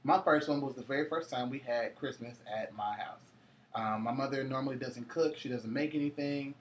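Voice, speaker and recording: A man's voice: mid-range voice, moderate pace, slight background noise. A man co-hosting a casual chat, telling loose, profane holiday stories with frequent laughter. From Cincinnati, US. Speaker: co-host.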